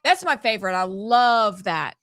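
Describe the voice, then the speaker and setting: Jokey woman cohost teasing the others, mid pitch, dry sound. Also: very animated, moderate pace, fairly bright tone, no room sound. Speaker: co-host. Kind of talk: casual political talk show chat.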